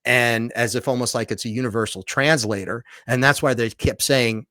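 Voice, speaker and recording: With a mid-range voice at normal speed, a documentary filmmaker and author recounts a story on a podcast, animated and often restarting or repeating himself. The audio is clean studio sound without echo.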